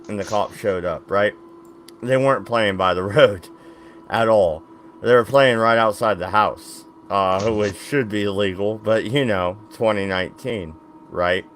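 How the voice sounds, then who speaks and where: A man's voice: on the low side, fairly bright tone, slight background noise. Man rambling through a story. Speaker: podcast co-host. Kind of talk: casual chat.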